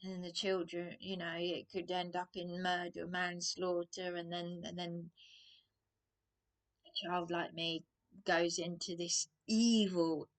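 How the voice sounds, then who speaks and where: A middle-aged woman from England, delivering a rambling rant to camera, halting with many restarts and dropping into hushed asides. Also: lowish voice, completely flat delivery. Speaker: vlogger.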